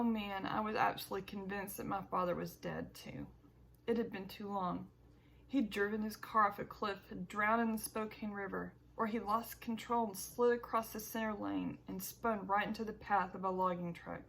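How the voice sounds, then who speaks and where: Woman narrator for a first-person audiobook, gravelly texture, mid pitch, expressive. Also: moderate pace. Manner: expressive, emotional storytelling.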